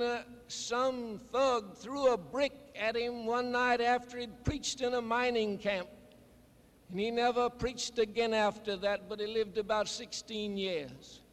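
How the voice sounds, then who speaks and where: A man with a very high voice delivers a sermon at an unhurried, drawn-out pace. He tells his stories deliberately and leans on key words for emphasis. His voice rings out with a long reverb, as in a large hall. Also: fairly bright tone. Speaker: preacher. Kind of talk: sermon address.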